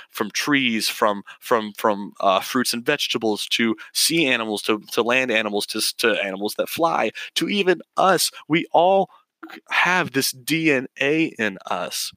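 A man's voice: medium pitch, pushed and bright, no echo. A young man hosting a solo podcast, reading an earnest argumentative script with frequent stumbles and restarts. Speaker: podcast host.

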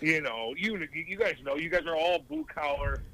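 A man, a former hockey player, telling rambling, profane stories in a casual podcast chat with lively voiced quotes. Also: on the high side, normal speed, a crowd in the background, rough recording.

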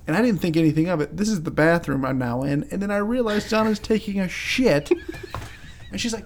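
A man's voice: sits high, expressive, brisk, creaky, a little hiss or hum. A man co-hosting a podcast, telling crude, joking stories in casual chat. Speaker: podcast co-host.

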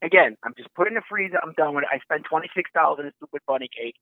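A man telling an exasperated, animated story in casual chat, swearing and acting out what people said, heard over a phone line. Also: a little high, very fast, few pauses, no room sound.

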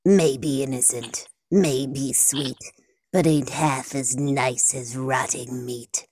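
A woman voicing a sly goblin who recites a creepy rhyme in a slow, low voice. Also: steady tone, darkish tone. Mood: menacing.

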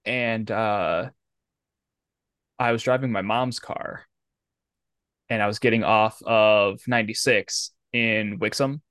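A man's voice: lowish voice, fairly even intonation, takes it slowly, long pauses, fairly bright tone, clear, resonant tone, no room sound, studio quality. A man co-hosting a podcast, telling a story casually and animatedly, swearing and acting out quotes. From Michigan, US. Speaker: podcast co-host. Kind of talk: casual chat.

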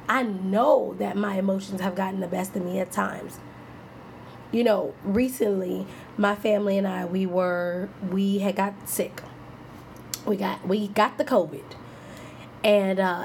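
A woman's voice: mid-range voice, a little hiss or hum. A woman in her thirties giving a casual motivational talk on self-reflection, candid and playful, laughing often and acting out what people say. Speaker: self-help speaker.

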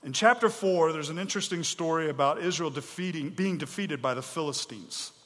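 A man's voice: a little high, brisk, a bit bright. Man preaching in a reverberant hall. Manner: conversational, emphatic preaching with casual asides. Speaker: pastor. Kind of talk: sermon.

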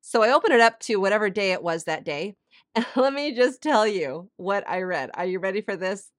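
A woman hosting a faith podcast who tells stories in a chatty, animated way, full of casual fillers. Her voice sits at a middle pitch. The recording is dry and close, with no room echo. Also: moderate pace. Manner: chatty, animated storytelling with many "like"s. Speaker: Christian life coach and podcast host.

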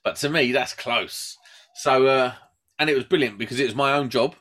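A man, co-host of a podcast, an animated and talky storyteller in casual chat. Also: medium pitch, moderate pace.

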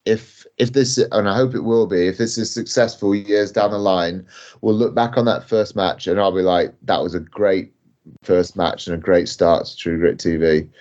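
A low-pitched young man tells a story on a podcast. He rambles, full of filler words and chuckles. The sound is muffled and lo-fi. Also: steady tone, normal speed, a little mellow. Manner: rambling, lots of fillers, laughs while telling. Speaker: guest wrestler. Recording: dull lo-fi audio.

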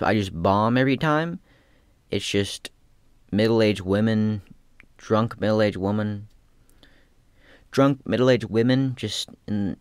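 A man's voice: on the low side, dry recording, clean studio sound. A young man talking in a casual rambling monologue, slangy and profane, with lots of restarts. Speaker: aspiring comedian.

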